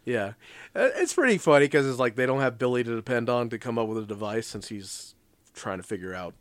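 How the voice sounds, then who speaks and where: A man's voice: medium pitch, expressive, no room sound. A man co-hosting a casual podcast chat, laid-back, quoting lines from an episode as he recaps it. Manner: laid-back, quick asides and quoted lines. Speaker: podcast co-host.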